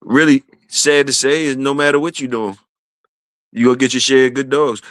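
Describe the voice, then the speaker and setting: Bright-voiced man hosting a casual livestream. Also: mid-range voice, level tone, moderate pace, dry recording, clean studio sound. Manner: shouts out viewers, repeats phrases. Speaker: livestream host.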